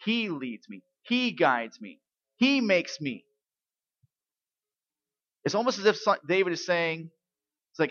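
A man preaching a sermon, telling stories and asking rhetorical questions, swinging between quiet and loud emphasis. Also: fairly high pitch, big pitch swings, measured pace, pauses often, no echo, dull audio. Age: adult parent. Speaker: pastor.

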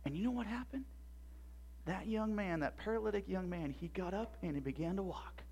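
A man playing an excitable little boy. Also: high-pitched, brisk, a little hiss or hum. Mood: eager wonder. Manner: eager, breathless retelling with stammered restarts. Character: excitable little Jewish boy in Jesus' time. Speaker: church storyteller. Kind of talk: dramatic monologue for a church audience.

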